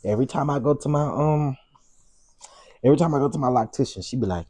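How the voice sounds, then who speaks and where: A man's voice: mid-range voice, fast talker, darkish tone, breathy edge. A man hosting a livestream, giving sassy, teasing live commentary with laughing asides. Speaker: livestream host.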